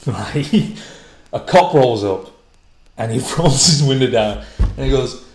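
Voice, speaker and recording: A man's voice: medium pitch, expressive, slow, long pauses. A man, a stand-up comedian, telling a rambling, sweary anecdote with frequent laughter. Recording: echoey room.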